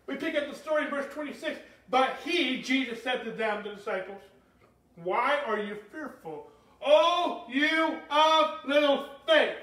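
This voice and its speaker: Male pastor preaching a sermon: high, bright voice, heard from a distance in an echoey room. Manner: animated preaching, rising to shouts, asks the congregation questions. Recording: echoey room, speaker far from mic.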